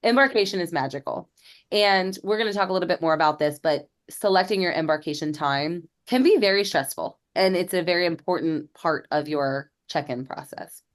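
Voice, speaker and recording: A woman's voice: on the low side, brisk. A woman co-hosting a podcast as a travel agent, chatty and teasing, explaining terms like a guide. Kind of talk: casual podcast chat.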